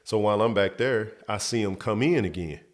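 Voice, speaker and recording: A middle-aged man hosting his show, casually telling a long story from his youth and leaping into high voices when he quotes people. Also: a little fast. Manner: animated, jumps up high when quoting others.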